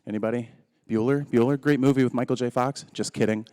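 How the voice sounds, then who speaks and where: In a dry, clean studio recording, a man in his thirties delivers a conference keynote at a fast clip. His medium-pitched voice is smooth and a bit mellow with fairly even intonation, and he tells jokes like a chatty storyteller.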